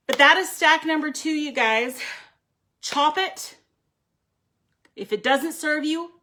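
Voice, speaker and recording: A woman's voice: on the high side, a bit bright. A woman giving a live tarot reading, talking bluntly and emphatically, swearing freely and chatting with viewers by name. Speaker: tarot card reader.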